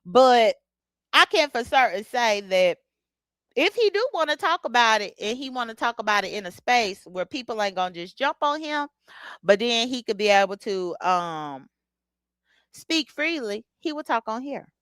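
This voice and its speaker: A woman's voice: fairly high pitch, very animated, normal speed, a bit bright, dry recording. A woman hosting a casual livestream, talking bluntly with features and greeting chat viewers by name. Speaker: livestream host. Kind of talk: casual live commentary.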